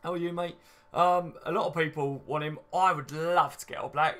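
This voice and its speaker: A man's voice: a little high, fairly even intonation, normal speed, fairly bright tone. Chatty man reading stream comments. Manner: chatty, reads out viewer comments, banter. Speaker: fan channel host. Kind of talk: casual live stream chat.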